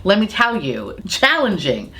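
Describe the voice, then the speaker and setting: Sassy young woman chatting makeup, voice swings all over, loud and playful. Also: mid-range voice, huge pitch swings, a little slow. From United States. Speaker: makeup vlogger. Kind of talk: casual chat to camera.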